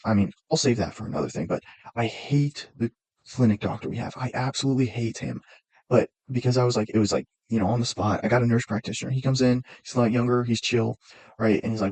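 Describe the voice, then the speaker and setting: Husky young dude rambling thru a story, lowish voice, dry sound. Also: male voice, darkish tone, no echo. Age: young adult. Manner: rambling, lots of fillers and restarts. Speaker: college student vlogger. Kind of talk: casual storytelling.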